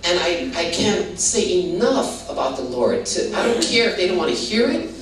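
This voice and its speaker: She has a lowish, sing-song voice and speaks at a normal clip, an older Hawaiian guest relating her testimony. The telling drifts casually, broken by restarts and "you know." Recorded at a distance in a roomy space with faint noise.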